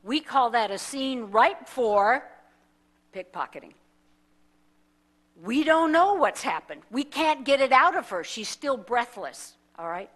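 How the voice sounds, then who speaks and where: A woman pastor with a somewhat high voice tells a story from the pulpit. She is animated and acts out the people in the story as she speaks. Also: takes it slowly. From United States. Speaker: minister. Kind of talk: sermon storytelling. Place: church sanctuary.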